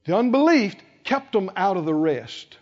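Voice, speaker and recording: A man preaching a sermon, acting out the people in the story and swinging from quiet talk to shouting. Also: high voice, sing-song, normal speed. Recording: dull lo-fi sound with long hall reverb.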